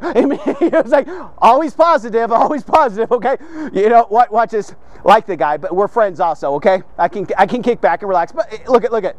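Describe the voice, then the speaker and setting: A male devotional host with a strikingly high-pitched voice talks in a casual, energetic way. He repeats words for emphasis and breaks into friendly asides and little jokes. He is recording from a man cave at home. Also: fairly quick, slight background noise. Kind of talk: casual daily devotional talk.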